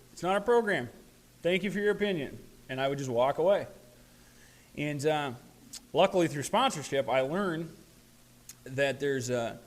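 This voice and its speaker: A man from Minnesota speaking at a recovery workshop, earnest and plain-spoken, with a dry sense of humor. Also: mid-range voice. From Minnesota, USA. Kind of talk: recovery talk, personal sharing.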